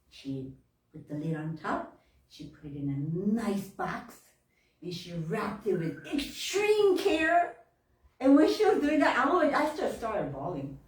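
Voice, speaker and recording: A woman minister giving a heartfelt personal testimony to her congregation, laughing often and jumping up in pitch when she gets excited. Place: church hall. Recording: roomy room, voice from far off.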